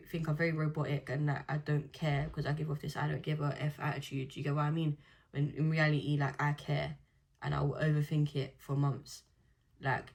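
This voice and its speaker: A woman's voice: low voice, darkish tone. A young woman answering viewer questions in a candid, chatty vlog full of blunt slang. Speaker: vlogger. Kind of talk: casual Q&A vlog.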